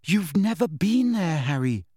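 A man's voice: fairly high pitch, big pitch swings, unhurried, darkish tone, husky, no room sound, studio quality, voice pushed up, heavily acted. A man voicing a frightened, bookish teenage witch who pleads and reasons, in an audiobook reading. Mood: anxious, reasoning.

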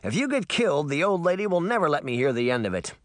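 A cocky young fairy boy who shouts taunts in a raised, bright voice, as a man voices him in an audiobook. His voice jumps up and down with swagger. The sound is dry and close. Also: fairly high pitch, sing-song, fast talker, dry recording, voice pushed up. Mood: wry. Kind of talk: audiobook character voice.

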